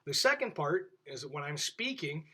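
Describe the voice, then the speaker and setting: Man teaching kids on camera, clear friendly voice, slightly high pitch, indoors. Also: very animated, normal speed, bright, forceful tone, poor audio. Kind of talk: classroom video lesson for children. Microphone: camera in front of him.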